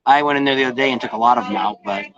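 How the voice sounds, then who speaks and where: A man's voice: mid-range voice, racing, lo-fi sound, a crowd in the background. A man hosting a casual live-stream travel vlog, rambling and folksy, often correcting himself. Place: noisy bar with a crowd.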